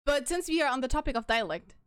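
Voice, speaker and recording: A woman's voice: high-pitched, expressive, fast talker, clear, resonant tone, no echo. A woman from Germany hosting a casual podcast chat, talking bluntly and emphatically. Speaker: podcast host.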